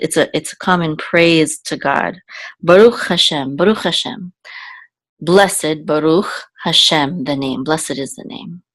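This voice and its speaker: A woman with a low, settled voice walks through a lesson at an unhurried pace, spelling out letters and repeating each word patiently. The sound is dry and close, with no room around it. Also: no echo. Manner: patient, repeats words slowly, frequent okays and ums. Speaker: Hebrew teacher. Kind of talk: slow spoken lesson, spelling out letters and vowels.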